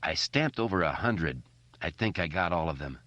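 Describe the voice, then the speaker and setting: A shaky, exhausted young man who shouts with urgency, as a man reads him. The calls jump well above the reader's low natural voice, in a dry, slightly dull audiobook recording. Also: expressive, normal speed, no room sound. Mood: urgent.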